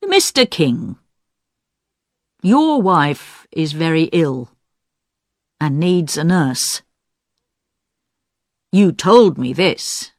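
A woman voicing a methodical male police inspector in an audiobook, deliberate and accusing. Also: low-pitched, dry recording, studio quality, exaggerated voice. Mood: stern.

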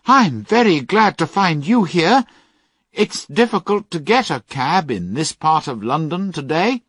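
A man's voice: on the high side, big pitch swings, unhurried, a bit bright, no room sound, studio quality, voice pushed up, full character voice. A man doing a cordial well-to-do lady.

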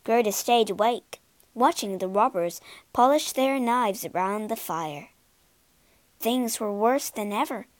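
A woman reading a storybook aloud in an expressive, unhurried way. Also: a little high, no room sound.

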